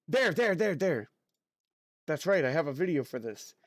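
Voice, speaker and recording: A man chatting playfully on a livestream, his voice leaping up and down in pitch. He talks at an easy, unhurried pace, keeps up a running banter with his audience, and sounds close and dry on his mic. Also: no room sound. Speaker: streamer. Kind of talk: casual livestream chat.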